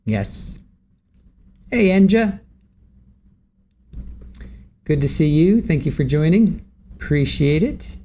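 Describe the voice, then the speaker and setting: Chatty livestream host man, mellow voice. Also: on the high side, slow, pauses often. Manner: greets viewers by name, chatty and relaxed. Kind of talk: casual chat with live chat viewers.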